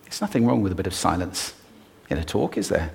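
A man giving a talk on stage to an audience, expressive and playful, demonstrating different ways of using the voice. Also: low voice, brisk, vocal fry. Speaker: public speaker.

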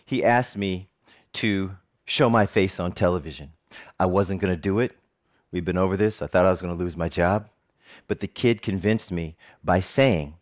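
A middle-aged man, a television reporter, telling a personal story in a talk with animated, joking delivery. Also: moderate pace. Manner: animated, jokey storytelling with big pitch swings.

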